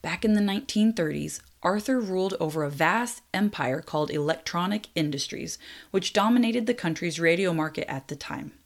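Lively woman storyteller with a lowish voice. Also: normal speed. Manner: lively, laughs at own slips, apologetic asides. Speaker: narrator. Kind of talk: storytelling narration of a true story.

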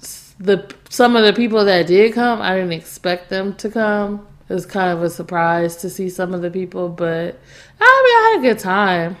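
A woman's voice: medium pitch, animated, normal speed. A woman co-hosting a podcast in casual chat, teasing her partner and laughing often. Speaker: podcast co-host.

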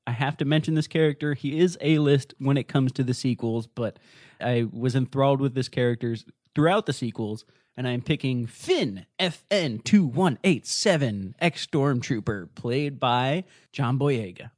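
A man co-hosting a podcast in casual chat, talking with enthusiasm and animated storytelling. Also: medium pitch, moderate pace, no room sound, studio quality. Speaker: podcast co-host.

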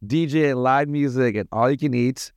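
A man from Toronto, a podcast guest telling stories in a casual, animated, slangy way. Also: mid-range voice, normal speed, clean tone, dry recording. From Toronto, Canada. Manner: animated, slangy, acts out voices in his anecdotes. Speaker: podcast guest, party promoter. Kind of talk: casual storytelling.

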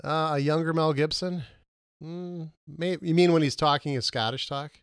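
A man co-hosting a casual movie podcast, questioning his partner and arguing his points with lively jumps in pitch. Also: moderate pace, smooth, dry recording, clean studio sound. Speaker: podcast co-host.

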